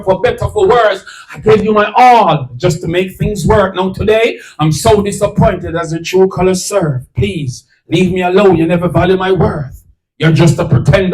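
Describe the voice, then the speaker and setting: High-voiced Jamaican spoken word poet. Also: male voice, far from the mic, rough recording. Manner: rhythmic, dramatic recitation with rhymes. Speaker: performance poet. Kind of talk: spoken word poetry performance. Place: live event at a swap meet.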